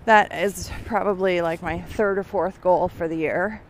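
Her voice sits on the low side, unhurried and fairly even in intonation, with slight background noise. A middle-aged woman is doing a casual walking vlog outdoors, thinking aloud with many fillers, slightly out of breath from the uphill walk, her lungs weakened by years of smoking.

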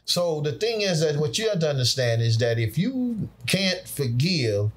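A man's voice: on the high side, very animated, moderate pace. A man, teaching on scripture in an emphatic, preacherly conversational way. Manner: preacherly, emphatic, dialect speech, laughs along.

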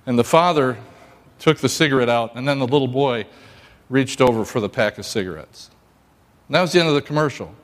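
A male pastor giving a sermon in a church, joking and telling stories in a lively way. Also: mid-range voice, brisk, long reverb tail.

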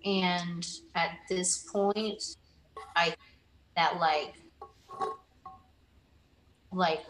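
A woman's voice: on the low side, steady tone, extremely slow, a bit bright, reverberant, a little hiss or hum. A young woman in a casual interview, talking earnestly about past mentors and often restarting her sentences. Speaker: interviewee, former student.

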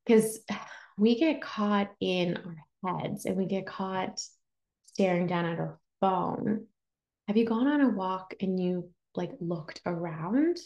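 A woman hosting a casual spiritual podcast, chatty and animated, acting out inner voices as she teaches. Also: lowish voice, reverberant. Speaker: podcast host and Reiki teacher.

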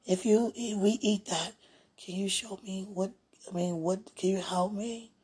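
A woman talking aloud in a casual, rambling way, drifting between hushed and loud. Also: medium pitch, steady tone, measured pace, breathy edge. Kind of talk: casual spoken prayer and chat.

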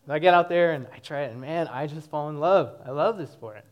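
A young man in his twenties briskly tells his personal testimony to a church congregation, animated and laughing often. His voice is a little high, and the high frequencies are cut off.

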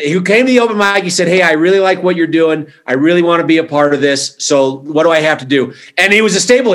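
A man's voice: high-pitched, a bit bright. A man hosting a comedy show, chatting and introducing the next performer. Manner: chatty, laughing between lines.

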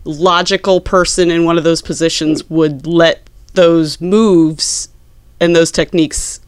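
A man co-hosting a casual movie-review podcast, speaking in a measured, critical way. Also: a little high, steady tone, clean tone, no echo. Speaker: podcast co-host.

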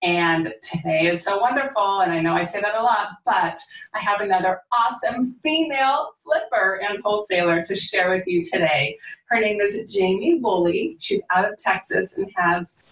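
A woman's voice: medium pitch, normal speed, fairly bright tone, reverberant, recorded from a distance, poor audio. Upbeat woman podcast host. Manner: upbeat, gushing introductions. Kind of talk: podcast interview hosting.

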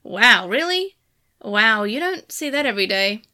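A woman's voice: high-pitched, normal speed, a bit bright. A woman voicing a wry, blunt young woman researcher in a storybook reading, griping and teasing. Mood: cool.

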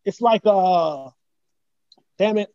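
Co-host, male, high voice, quick rambling delivery, dry dull lo-fi sound. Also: lively intonation, mellow, dry recording. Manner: rambling slangy storytelling with many fillers. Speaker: podcast co-host. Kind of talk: casual chat.

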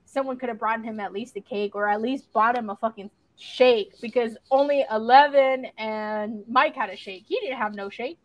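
A young woman chats through a series recap with a slightly high voice, swearing casually as she goes. The sound is close and dry, with no room echo. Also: moderate pace, few pauses. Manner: chatty, swears casually, lively storytelling. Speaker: podcast co-host.

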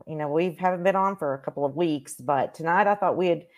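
Woman psychic medium, very low voice, rambling and hesitant in casual stream chat. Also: a little fast. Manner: rambling, hesitant with many fillers.

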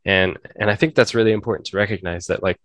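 A man with a low voice hosts a casual podcast discussion. He talks earnestly and bluntly, restarting and correcting himself as he thinks aloud. The sound is dry and close. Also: fairly even intonation, fast talker, a bit bright, no room sound. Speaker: podcast host.

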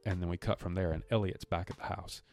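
A man's voice: low voice, steady tone, fast talker, darkish tone, soft background music. A man co-hosting a podcast, loosely retelling a film's scenes and acting out the characters' lines. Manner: loose, rambling, many restarts. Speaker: podcast co-host. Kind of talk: casual movie recap chat.

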